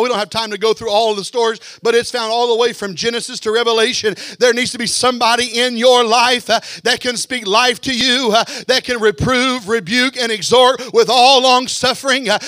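High-voiced fervent preaching pastor. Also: male voice, no room sound, clean studio sound. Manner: fervent preaching, building to shouts, then dropping low. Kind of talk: sermon.

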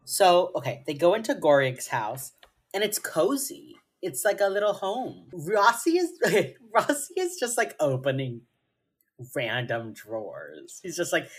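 A woman's voice: on the low side, very animated, a little slow, breathy edge. A woman co-hosting a podcast, chatting casually as she recaps a TV episode, playful, swearing freely and filling her talk with "like". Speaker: podcast co-host.

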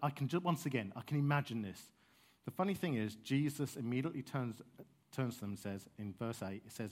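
A man's voice: medium pitch, lively intonation, brisk, darkish tone. Passionate conversational male preacher. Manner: passionate, conversational, self-aware asides. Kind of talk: sermon.

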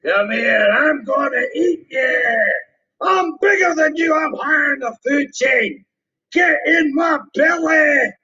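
A crude, gluttonous Scottish glutton. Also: male voice, very high voice, takes it slowly, bright, forceful tone, raised voice, exaggerated voice. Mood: menacing. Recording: dull lo-fi film clip with music.

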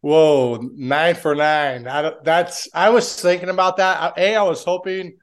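Brief: male coach guest, slightly higher voice, rambling casual storyteller. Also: fairly even intonation, a little slow, clear, resonant tone. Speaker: assistant head coach, guest. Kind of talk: casual podcast interview.

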